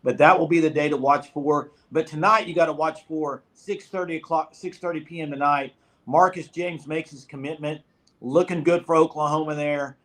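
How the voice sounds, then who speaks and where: A man's voice: fairly high pitch, steady tone, moderate pace, a bit bright. A young man co-hosting a casual college football recruiting chat, emphatic and giving direct advice to viewers.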